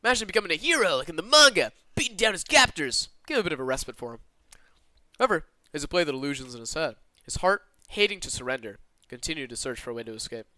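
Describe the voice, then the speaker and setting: Lively streamer with a slight Southern twang. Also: male voice, on the high side, dry recording. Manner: animated and expressive, with quick asides to chat. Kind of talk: reading a visual novel aloud with live asides. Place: alone in his own room.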